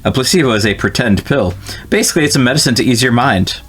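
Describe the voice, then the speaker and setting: A man's voice: medium pitch, lively intonation, fast talker, fairly bright tone, breathy edge, faint music behind. A man voicing a smug, shady middle-aged businessman as he reads game dialogue aloud. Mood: salesy.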